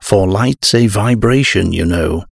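A man voicing a frantic shouting scholar. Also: fairly low pitch, measured pace, creaky, husky, no echo, clean studio sound, heavily acted. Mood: urgent. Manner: shouting, urgent. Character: frantic male scholar, adult, urgent.

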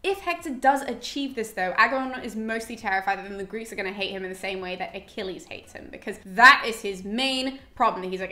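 A woman's voice: mid-range voice, fairly quick, pushed and bright. A young woman hosting a casual book recap, chatty and playful with slangy asides. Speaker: podcast host summarizing a classic. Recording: echoey room.

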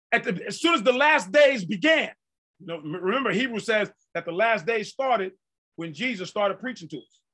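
A middle-aged man preaching a sermon as pastor, emphatic and repetitive, now and then bursting into shouts. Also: sits high.

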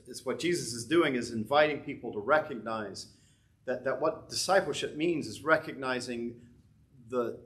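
A pastor talking through a sermon casually. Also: male voice, medium pitch, a bit bright. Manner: conversational, thinking aloud with frequent restarts.

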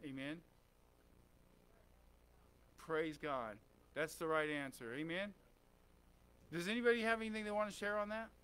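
A man's voice: high voice, steady tone, moderate pace, fairly bright tone, smooth. A man preaching a conversational sermon in a church, often asking the congregation questions and saying "amen.". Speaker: pastor.

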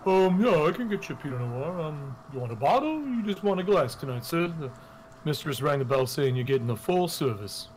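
A man voicing a polite, eager bartender who talks quickly and hesitantly. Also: a little high, big pitch swings, darkish tone, slight background noise, voice pushed up, rough recording. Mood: helpful.

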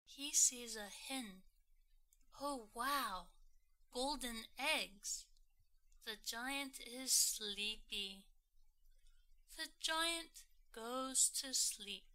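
A woman reading a simple storybook aloud for learners, with clear, deliberate phrasing. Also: on the high side, expressive, bright, forceful tone. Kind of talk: slow storybook read-along for learners.

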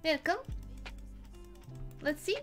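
A woman streams a game live, chatting casually and teasing her teammates in a playful way, laughing a lot. She speaks slowly, with faint music behind her.

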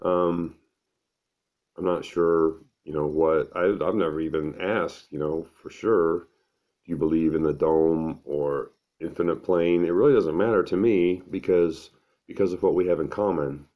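Deep-voiced middle-aged man vlogging. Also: fairly even intonation, warm tone. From American Midwest. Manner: unhurried, thinking aloud, earnest. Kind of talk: casual to-camera monologue.

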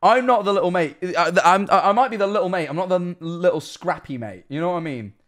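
A man's voice: high-pitched, fast talker, a bit bright. A young man casually reacting to videos on stream, rambling, swearing freely and laughing often.

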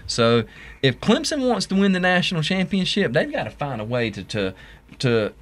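A man with a Southern US accent co-hosting a casual sports talk show, excitable and often trailing off to restart his thought. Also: fairly high pitch, moderate pace.

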